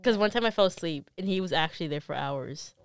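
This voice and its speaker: Young woman chatting, slangy and animated, smooth clear voice, dry close mic. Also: lowish voice, fast, no room sound. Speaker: co-host. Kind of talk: casual chat.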